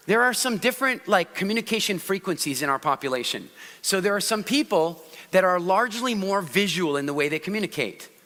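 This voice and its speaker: A middle-aged man giving a public speaking talk on stage to a live audience, animated and constantly shifting his pitch and loudness to act out different speaking styles. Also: big-room sound. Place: large hall with audience.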